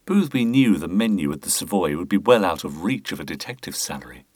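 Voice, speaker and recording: A man reads a detective story aloud in an expressive, scripted style. His voice sits low but moves through a lively range of pitch. The recording is dry and close to the mic. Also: a little fast, dry recording. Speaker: narrator. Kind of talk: scripted audiobook narration.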